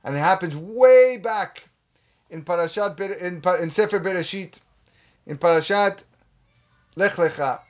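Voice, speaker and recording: Impassioned high-voiced man giving a sermon. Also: unhurried, pauses often. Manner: impassioned, rising to a high pitch for emphasis; acts out quoted voices, repeats words. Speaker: rabbi. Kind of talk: Torah sermon.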